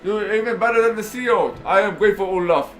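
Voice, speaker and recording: A man's voice: sits high, quick pace, faint music behind, close to an everyday voice. A man voicing a lonely, effusive lighthouse keeper in a fantasy game. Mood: gushing. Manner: gushing, effusive.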